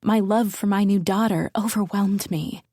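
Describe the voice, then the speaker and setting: A woman narrating a thriller audiobook in the first person, measured and intimate, sometimes dropping to a whisper. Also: medium pitch, steady tone, dark tone, slightly rough, no room sound, clean studio sound.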